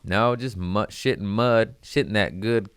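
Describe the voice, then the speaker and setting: A man's voice: on the low side, a little slow, clean tone, no room sound, studio quality. A young adult man, a comedian, rambling casually and profanely, laughing between lines.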